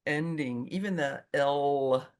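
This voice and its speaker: A middle-aged woman from Brazil, a Portuguese native speaker with a slight Brazilian accent, answering interview questions as an animated, expressive storyteller. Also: low-pitched, takes it slowly. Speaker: medical interpreter, interview guest.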